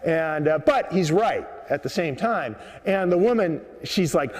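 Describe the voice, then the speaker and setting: A man's voice: a little high, a little slow, few pauses. A man telling a rambling story with lots of fillers, standing on a subway platform. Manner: rambling, many uh fillers, relaxed. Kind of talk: live storytelling monologue. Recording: echoey underground platform.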